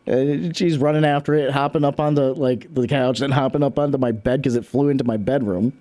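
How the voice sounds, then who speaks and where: A man's voice: medium pitch, steady tone, fairly quick, mellow. A man co-hosting a community radio talk show, telling stories in a casual, rambling way with many restarts and fillers. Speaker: radio co-host. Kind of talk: casual chat.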